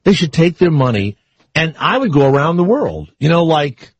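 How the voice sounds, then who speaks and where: Wisecracking older radio host, lively pitch. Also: male voice, normal speed, slightly rough, no echo. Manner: loose, wisecracking, rambling asides. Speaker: radio talk show host. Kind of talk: casual radio talk. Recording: muffled lo-fi radio broadcast.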